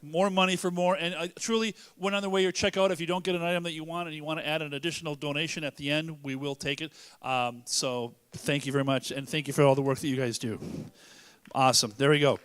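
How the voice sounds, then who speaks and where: A man's voice: a little high, level tone, fast talker, fairly bright tone, clean tone. A man emceeing a charity auction, joking and rambling with many restarts. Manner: joking, rambling, self-interrupting. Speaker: event emcee. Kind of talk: casual emcee banter. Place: church hall fundraiser.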